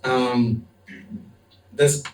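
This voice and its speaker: A young adult man, a monk, telling a story in a lively, laughing way with lots of fillers. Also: mid-range voice, drawn-out words, far from the mic. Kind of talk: storytelling talk. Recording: echoey room, voice from off-mic.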